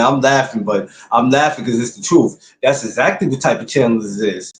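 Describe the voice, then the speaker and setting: A man's voice: medium pitch, normal speed, hardly any pauses, echoey room. A man hosting his podcast, talking casually and bluntly to his viewers, repeating his points like a lecture. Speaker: podcast host. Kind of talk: casual livestream talk to viewers.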